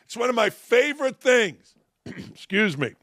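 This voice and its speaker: A man's voice: very high-pitched, very animated, unhurried, fairly bright tone, no echo. An older man hosting a sports talk show, delivering an opinionated, sarcastic monologue with mocking asides from a studio mic.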